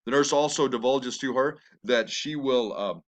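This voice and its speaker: A man's voice: medium pitch, normal speed. A chatty male teacher explaining a play. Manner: conversational, with fillers and asides. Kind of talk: recorded lecture.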